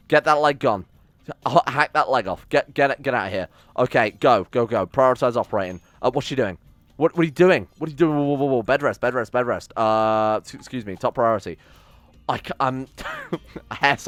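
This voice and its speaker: Excitable, swearing man playing a game. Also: medium pitch, no echo. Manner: excitable, swears, talks to his colonists. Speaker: game streamer. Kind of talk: let's-play commentary.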